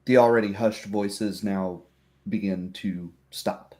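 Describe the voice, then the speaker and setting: A man's voice: fairly low pitch, steady tone, takes it slowly, darkish tone. A man narrating as game master of a tabletop game, easygoing and descriptive.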